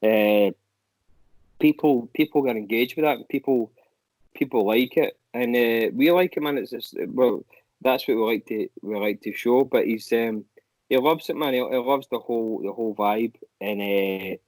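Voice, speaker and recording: A young man, a guest musician, telling animated anecdotes in casual chat and swearing casually. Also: medium pitch, moderate pace, no room sound, poor audio.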